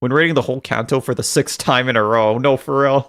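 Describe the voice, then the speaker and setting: A man's voice: mid-range voice, fairly quick. A young man streaming a game, reading chat aloud and joking around, laughing often. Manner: playful, jokey, laughs often. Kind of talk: casual live-stream commentary, reading chat. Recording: game music playing loudly behind.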